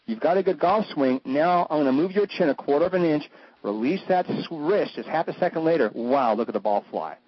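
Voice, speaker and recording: Husky, flamboyant man on talk radio. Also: animated, a little fast. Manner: flamboyant, jokey, swoops into high mock voices. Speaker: radio show guest. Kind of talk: animated talk-radio chat. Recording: dull lo-fi radio audio.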